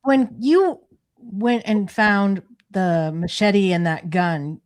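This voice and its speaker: A woman's voice: medium pitch, slow pace. A woman co-hosting a podcast who interviews a guest with eager, inquisitive questions. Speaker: podcast co-host.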